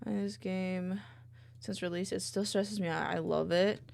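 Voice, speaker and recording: A woman streamer chatting casually with viewers from her home desk, bubbly and rambling, into a mic on a boom arm. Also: steady tone, a little slow, creaky, darkish tone. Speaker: VTuber streamer. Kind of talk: casual livestream chat.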